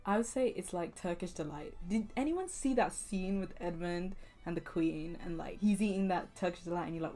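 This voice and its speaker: A woman's voice: lowish voice, moderate pace, hardly any pauses, mellow, faint music behind. A young woman chatting casually and playfully about books she read, laughing often as she goes. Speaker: book vlogger. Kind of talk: casual book review chat.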